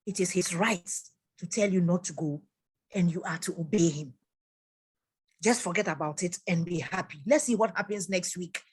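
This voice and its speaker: A middle-aged woman, giving religious advice to a gathering through an animated story, repeating phrases for emphasis. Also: on the low side, moderate pace, slightly rough. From Ghana. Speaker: guest speaker.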